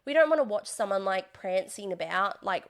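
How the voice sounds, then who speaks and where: A young woman in casual interview chat, chatty and animated, slipping into exaggerated voices when she quotes people. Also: mid-range voice, normal speed. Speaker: podcast guest, reality TV contestant and stand-up comedian.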